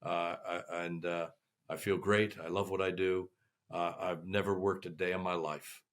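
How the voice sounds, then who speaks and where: An older man, a guest surgeon on a podcast, speaking in a halting way with many pauses. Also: low voice, little pitch movement. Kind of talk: casual podcast interview.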